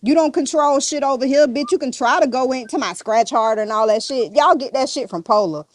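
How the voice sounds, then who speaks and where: A woman's voice: high-pitched, brisk. A woman guest on a podcast, ranting bluntly and defiantly, cursing and throwing insults nonstop. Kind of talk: heated rant in an interview.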